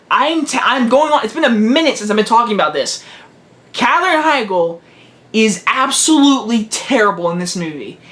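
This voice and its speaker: A teenage guy with a fairly high voice rants through a casual video movie review. He is blunt and emphatic, and he keeps circling back to hammer the same harsh verdict. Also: fairly bright tone. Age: teens.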